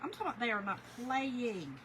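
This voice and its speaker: A woman hosting a crafting livestream, chatting with viewers in an animated, storytelling way while she works. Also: on the high side, brisk, background noise. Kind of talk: casual chat while crafting, reading viewer comments.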